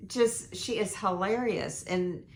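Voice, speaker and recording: An older woman, hoarse from losing her voice, rambling through a casual life update with lots of ums and restarts. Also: mid-range voice, slow, a little hiss or hum. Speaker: vlogger. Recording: echoey room.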